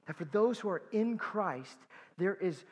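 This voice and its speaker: A man's voice: sits high, expressive, a little slow, breathy edge, long reverb tail. A man preaching a sermon as pastor, earnest and emphatic, repeating key words for weight and dropping in casual asides.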